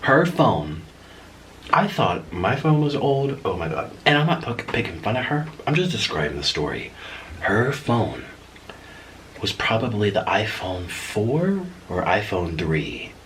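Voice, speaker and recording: A man's voice: lowish voice, sing-song, unhurried, fairly bright tone, a little hiss or hum, rough recording. A man telling a story in a casual vlog while eating noodles at home at night. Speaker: vlogger.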